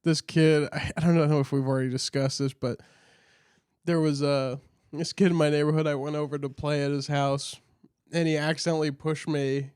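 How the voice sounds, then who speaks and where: A man's voice: on the high side, little pitch movement, normal speed, a little mellow, smooth, no room sound, studio quality. A man co-hosting a podcast, telling a story in a loose, rambling way and trailing off with fillers. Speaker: podcast co-host. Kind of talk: casual chat.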